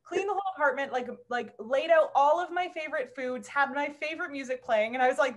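Chatty woman, animated and laughing. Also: high-pitched, fast. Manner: animated storytelling with many fillers and laughs. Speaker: host. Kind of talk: casual conversation.

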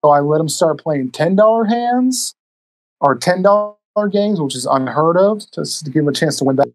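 A man's voice: fairly high pitch, expressive, normal speed, dry recording, rough recording. A man telling stories as a podcast guest in a casual, rambling way, swearing freely, into a cheap microphone. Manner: profane, rambling, laid-back delivery. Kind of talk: casual storytelling. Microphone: cheap USB microphone.

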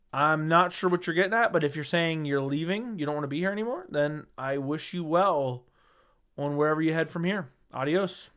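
A man's voice: fairly high pitch, moderate pace, a bit bright, clear, resonant tone. A man hosting a casual livestream, reading viewer chat aloud and giving blunt, sarcastic, slangy replies into a studio microphone.

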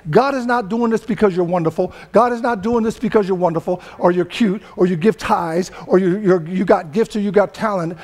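Older california preacher guy, really high voice, chatty sermon that gets loud and shouty. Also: fairly quick, hardly any pauses. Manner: loose, conversational preaching that swells into emphatic shouting. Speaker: pastor.

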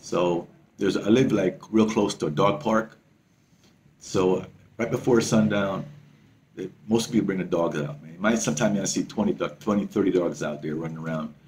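A man's voice: low-pitched, moderate pace, a little hiss or hum. Man telling a story casually to camera. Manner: excitable, swears freely, repeats himself. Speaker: travel vlogger.

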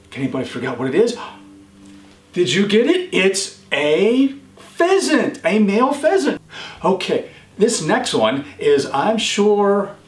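A man hosting a children's show, quizzing young viewers and praising each answer warmly. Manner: encouraging, praises often, pitch jumps on answers. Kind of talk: quiz for children. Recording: echoey room.

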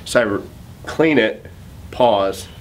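A man's voice: fairly low pitch, takes it slowly, noisy background. A man coach in a casual outtake, talking loosely and fumbling his lines. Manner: fumbling, loose, full of restarts.

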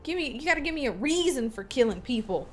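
Streaming a game, a young woman chats playfully to herself and to the characters on screen. She has a high, animated voice and talks quickly, with faint music in the background.

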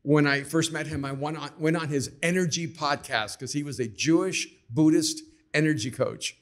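Animated storytelling man, higher voice. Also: moderate pace. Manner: animated anecdotes, acts out quoted voices. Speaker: author guest. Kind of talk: conversational storytelling. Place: live podcast taping.

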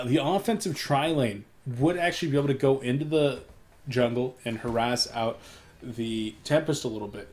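A young esports caster is covering a live match alone, and he keeps pausing to apologize to viewers for his hiccups. He's excitable, his loudness and pitch rising sharply whenever a fight breaks out.

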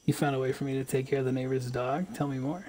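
A man's voice: mid-range voice, fairly even intonation, fast talker, a little mellow. A man streaming a fishing game, chatting casually, joking and swearing freely. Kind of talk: casual live-stream chat.

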